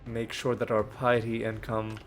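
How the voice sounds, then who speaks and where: A man's voice: on the low side, monotone, moderate pace. A man with a cold, now and then coughing, casually commenting on a video game as a let's play host while rambling and thinking aloud at his desk mic. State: ill with a cold, occasional coughs. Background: faint game music.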